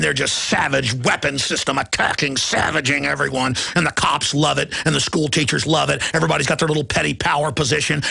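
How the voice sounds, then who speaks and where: Gravelly, raspy man ranting angrily. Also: on the high side, sharp tone. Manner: angry, ranting, mocking. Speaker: talk show host. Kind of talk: ranting talk-show monologue.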